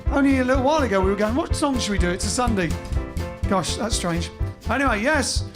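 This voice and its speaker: High-voiced joking male stream host. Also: expressive, fast talker, music in the background. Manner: chatty, jokey, rambling. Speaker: bandleader and live stream host. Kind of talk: casual chat between songs.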